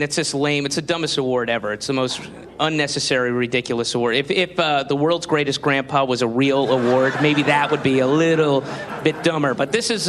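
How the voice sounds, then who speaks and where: A man telling a rambling, profane stand-up story to an audience, full of fillers. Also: fairly high pitch. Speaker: stand-up comedian. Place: comedy stage before an audience. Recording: live club, loud crowd and noise.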